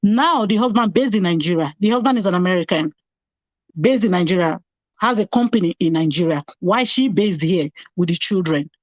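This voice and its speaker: A woman's voice: lowish voice, lively intonation, brisk, dry recording, lo-fi sound. A middle-aged woman, a nurse, telling her personal story as an interview guest. She speaks animatedly, acts out past conversations and repeats phrases for emphasis.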